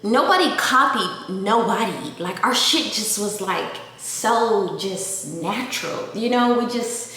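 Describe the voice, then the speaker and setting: A woman in her thirties with a blend of Southern and Valley accent talks to her camera in a loose, rambling way, filling nearly every pause with "like." The room is very echoey, and a faint hiss runs under her voice. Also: medium pitch, expressive, bright, forceful tone. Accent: mix of Southern and Valley. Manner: rambling, heavy use of "like" fillers. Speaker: vlogger. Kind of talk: casual confessional storytelling.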